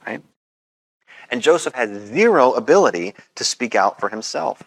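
A man preaching a sermon as pastor, in a relaxed, conversational way with frequent pauses. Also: medium pitch, vocal fry, no room sound, low-quality recording.

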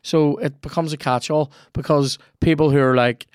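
A man's voice: mid-range voice, steady tone, normal speed, hardly any pauses, smooth, no echo, clean studio sound. A man hosting a podcast, chatting casually and swearing as he rambles and reacts aloud to a video game he is playing. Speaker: podcast host.

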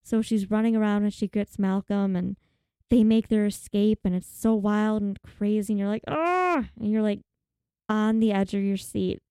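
Woman, casual movie recap, dramatic, acts out lines, mellow tone, dry. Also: medium pitch, flat delivery, normal speed, smooth, no room sound.

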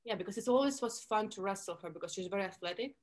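A woman from Russia with a Russian accent, chatting as a podcast guest and telling lively stories, often acting out what people said. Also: mid-range voice, fast, rough recording. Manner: animated storytelling, acting out quoted lines, many likes. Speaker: podcast guest, former wrestler. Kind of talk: casual interview chat.

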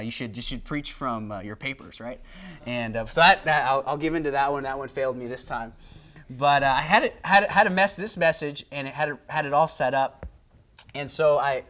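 A man's voice: mid-range voice, a bit bright. An American man preaching a sermon in a conversational way, with frequent restarts and fillers, into a handheld microphone. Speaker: guest preacher.

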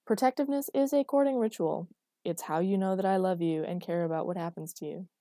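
A woman's voice: on the low side, brisk, dark tone, no room sound, clean studio sound, lightly acted. A woman reading aloud, voicing an intense, protective young man who speaks emphatically. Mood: insistent.

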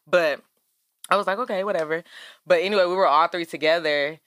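A woman co-hosting a casual podcast, telling animated stories. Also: lowish voice, a little fast, no echo. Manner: animated storytelling, acts out quoted voices, frequent laughs. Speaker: podcast co-host. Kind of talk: casual chat.

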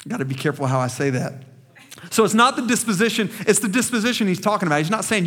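A man with a notably high voice preaches with fervor from the pulpit of a small church. He talks emphatically, stumbles over repeated words as he pushes his point, and keeps calling on the congregation to respond. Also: lively intonation, fast talker, a bit bright. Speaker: pastor. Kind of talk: sermon.

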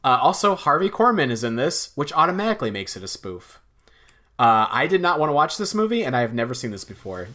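A man co-hosting a movie review podcast in casual chat, animated and quick to laugh. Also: medium pitch. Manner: animated, laughs often, exaggerated groans. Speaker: podcast co-host.

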